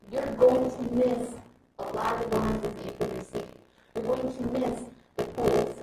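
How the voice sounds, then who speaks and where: A woman trainer giving an energetic motivational talk and leading a group exercise, recorded from a distance in a large echoey room. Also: very deep voice, gravelly. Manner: energetic, coaching, gives group exercise commands. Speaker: network marketing trainer.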